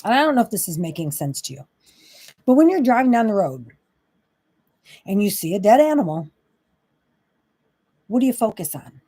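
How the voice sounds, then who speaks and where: A woman's voice: mid-range voice, big pitch swings, moderate pace, pauses often, dark tone, breathy edge, no room sound. A woman hosting a faith-based monologue, talking in an impassioned, exasperated, preachy way. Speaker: Christian talk host.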